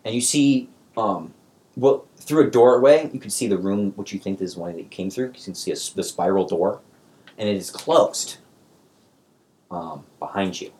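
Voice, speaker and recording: A man's voice: on the low side, moderate pace, a little mellow. A man narrating as game master for a tabletop game, talking in a loose, rambling way. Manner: loose and rambling, many fillers and restarts.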